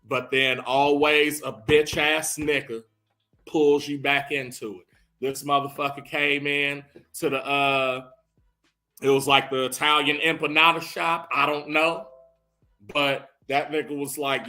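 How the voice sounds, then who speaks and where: A man recapping a movie as casual comedy, telling it in a profane, animated way with rising bursts. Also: a little high, measured pace, soft background music.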